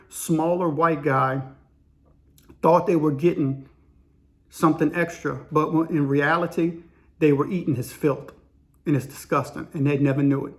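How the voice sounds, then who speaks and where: A man telling a story in a rambling, slangy way, full of fillers. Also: on the high side. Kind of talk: casual spoken storytelling.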